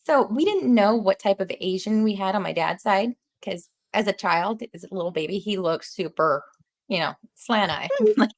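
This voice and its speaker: A woman hosting a casual podcast chat, animated and laughing often as she tells stories. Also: mid-range voice, normal speed. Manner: animated, laughs often, talks with her hands. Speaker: podcast host.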